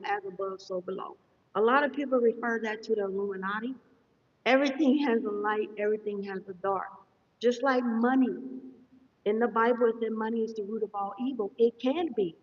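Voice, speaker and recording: A woman giving a live-streamed meditation lesson as a spiritual teacher, talking fast and checking in with her listeners often. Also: a little high. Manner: fast-talking, says so herself; instructive, checks in often with "okay?". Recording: distant, echoey, dull sound.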